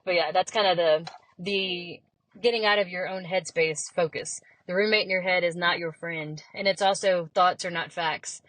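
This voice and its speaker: A woman's voice: on the low side, moderate pace, no echo, low-quality recording. Chatty woman, dry close sound. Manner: chatty, animated storyteller who acts out quotes. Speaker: podcast guest. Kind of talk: casual conversation.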